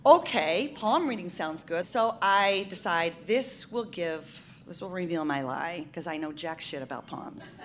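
A woman telling a comic story live, in an animated style, often laughing through her lines. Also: fairly low pitch, unhurried, few pauses.

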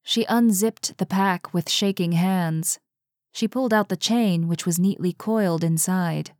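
A woman narrating a suspenseful story in a steady, measured way. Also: fairly low pitch, no room sound, clean studio sound. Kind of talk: audiobook narration.

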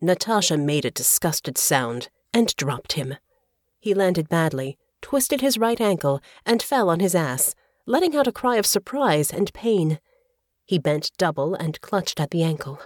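A woman narrating an audiobook in a measured, even storytelling voice. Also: on the low side, no room sound, studio quality. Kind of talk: scripted narration.

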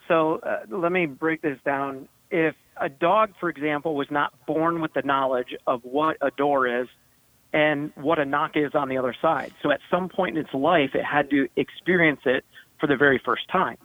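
A man's voice: a little high, normal speed, no echo. Man, dog trainer, podcast talk, explains step by step, bone-dry sound. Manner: explanatory, breaks ideas down step by step. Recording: tinny phone-like line.

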